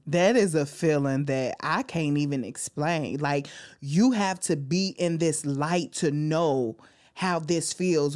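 A woman hosting her own podcast, talking alone with deep feeling and frequent exclamations. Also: a little mellow. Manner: heartfelt, testifying, exclaims often. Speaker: podcast host. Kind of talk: emotional solo podcast talk.

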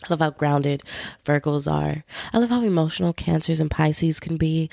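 Chatty young woman with gravelly low voice. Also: no echo, clean studio sound. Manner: chatty, playful, animated with voices for roommates. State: feeling unwell. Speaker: podcast host. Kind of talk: casual solo podcast chat.

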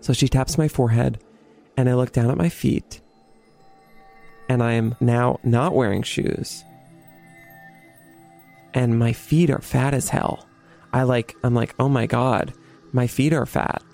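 A young man telling a story in casual talk, animated, with lots of swearing and "like". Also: mid-range voice, unhurried, gravelly, pauses often, soft background music. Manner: animated, swears a lot, heavy use of "like".

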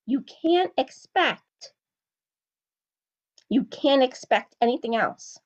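A woman's voice: high voice, lively intonation, extremely slow, long pauses, lo-fi sound. A woman hosting a solo podcast, giving blunt, opinionated sports commentary and hammering her points home with repetition. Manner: blunt, emphatic, repeats points for stress. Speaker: podcast host.

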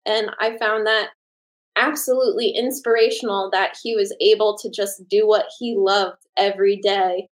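A woman's voice: medium pitch, little pitch movement, normal speed, poor audio. A woman in her late twenties, an artist and teacher, talking earnestly and enthusiastically in an interview, with many fillers and restarts. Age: late 20s. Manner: laughs often. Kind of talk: podcast interview.

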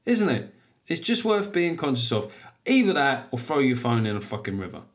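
A man's voice: mid-range voice, lively intonation, moderate pace, heavy background noise. A man hosting a comedy podcast alone, rambling, swearing and mocking himself. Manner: rambling, sweary, self-deprecating. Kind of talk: solo comedic podcast monologue.

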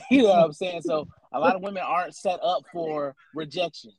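A man's voice: on the high side, brisk, a little mellow, low-quality recording. Teasing, opinionated man in his thirties. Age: 30s. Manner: teasing, quizzing questions, then long opinionated explanations. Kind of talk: casual chat.

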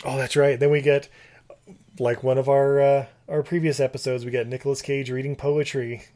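A man's voice: medium pitch, flat delivery, normal speed, mellow. A man co-hosting a podcast, casually recapping a movie with rambling, filler-heavy talk. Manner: rambling, many fillers and restarts. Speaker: podcast co-host.

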